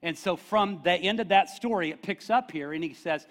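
Joking male pastor with a higher voice. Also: normal speed, hardly any pauses, a bit bright. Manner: joking, checks in with "okay?". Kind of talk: conversational sermon.

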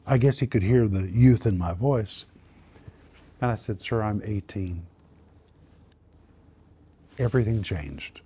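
A man, a Christian minister and author, telling a personal testimony as an earnest, animated storyteller. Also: on the low side, slow pace, pauses often, husky.

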